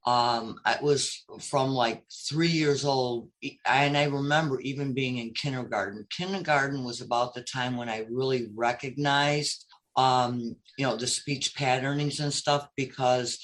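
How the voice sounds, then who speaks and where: A guest with a Brooklyn accent tells a long personal story in casual conversation. The talk rambles and is full of ums and restarts. The pitch sits in the middle range. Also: steady tone, a little slow, fairly bright tone, poor audio. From upstate New York. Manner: rambling storyteller, many fillers. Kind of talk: casual chat.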